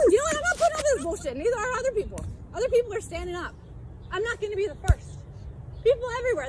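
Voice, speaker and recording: A woman shouting angrily and swearing at someone while filming herself outdoors in a public park, her voice going sore. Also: very high voice, sing-song, very fast, very noisy. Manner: shouting, angry, profane. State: voice getting sore. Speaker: protester filming a livestream. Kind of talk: heated livestreamed confrontation.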